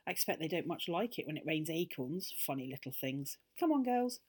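A woman's voice: sits low, sing-song, a little fast, darkish tone, breathy edge, full character voice. A woman voicing Joe, a cheerful, eager young boy who leads his friends. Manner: jolly, eager.

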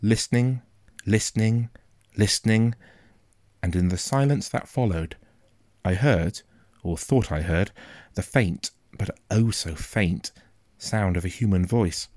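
Deep-voiced male audiobook narrator. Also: dry recording, clean studio sound. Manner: quiet, measured, suspenseful. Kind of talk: first-person storybook reading.

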